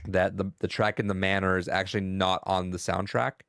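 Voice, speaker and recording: A young man co-hosting a podcast, talking about a video game in a rambling, excitable, profane way. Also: sits low, fairly quick, vocal fry, clear, resonant tone, no room sound, studio quality. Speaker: podcast co-host. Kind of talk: casual gaming chat.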